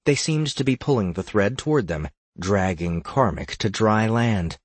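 A man narrating a fantasy audiobook in a measured, steady storytelling manner. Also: lowish voice, slightly rough, no room sound.

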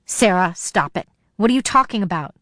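A woman's voice: mid-range voice, expressive, normal speed, sharp tone, no room sound. A woman reading the part of a scared, defensive teenage boy in an audiobook, in a tense voice close to her own. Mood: urgent. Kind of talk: audiobook character voice.

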